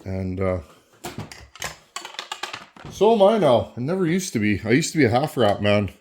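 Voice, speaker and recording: A man's voice: mid-range voice, sing-song, moderate pace, a little mellow, a little hiss or hum. Chatty Canadian man in a workshop. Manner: chatty, folksy, repeats words as he goes. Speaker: chainsaw builder and channel host. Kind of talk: casual workshop talk to camera.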